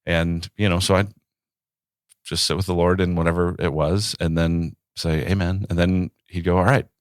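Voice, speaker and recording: A man in his thirties, a pastor, talking in a relaxed podcast conversation and telling stories with acted-out quotes. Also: sits low, moderate pace, no echo, studio quality. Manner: reflective, storytelling with acted quotes.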